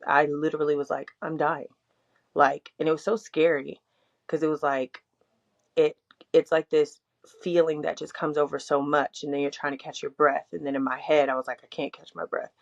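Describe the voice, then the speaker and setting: A young adult woman co-hosting a podcast speaks in a low, gravelly voice with little pitch movement at a moderate pace. She chats candidly and rambles, full of "like" and frank swearing, on dull lo-fi audio.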